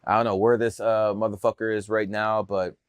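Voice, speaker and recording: A man's voice: lowish voice, little pitch movement, a little fast, clear, resonant tone, no room sound, clean studio sound. A man telling stories in a casual interview, brash, boastful and profane. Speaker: podcast guest telling his story.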